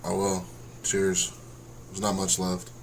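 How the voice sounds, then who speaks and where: A man's voice: low-pitched, completely flat delivery, takes it slowly, slight background noise. A young man co-hosting a casual late-night podcast, giving short reactions and closing the episode in an easygoing way. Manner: laid-back, brief reactions, casual sign-off. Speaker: podcast co-host.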